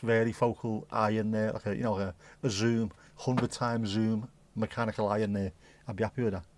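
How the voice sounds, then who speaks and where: A man hosting a casual livestream, rambling and thinking out loud as he chats to his viewers. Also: medium pitch. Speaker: livestream host.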